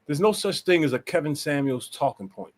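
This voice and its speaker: An older man from Philadelphia argues in a heated casual debate. He talks bluntly, with emphatic profanity. His slightly high voice moves up and down a lot. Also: lively intonation, a little fast. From Philadelphia, USA.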